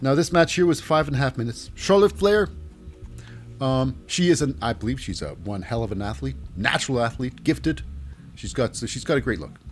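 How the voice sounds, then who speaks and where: Guy rambling through a wrestling recap, lively up and down voice, faint music behind. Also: mid-range voice, normal speed. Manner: jokey, rambling, lots of fillers. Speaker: wrestling show reviewer. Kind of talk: casual recap commentary.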